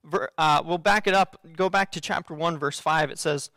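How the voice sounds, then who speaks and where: A man's voice: fairly high pitch, moderate pace, hardly any pauses, bright, forceful tone, no echo, studio quality. A man giving a sermon as a pastor, earnest and conversational, with frequent fillers and restarts.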